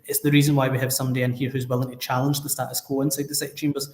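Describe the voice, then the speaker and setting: Scottish man, brisk emphatic councillor guest, echoey room. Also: mid-range voice, flat delivery. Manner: forceful, emphatic, indignant. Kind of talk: political discussion on a talk show. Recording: roomy echo.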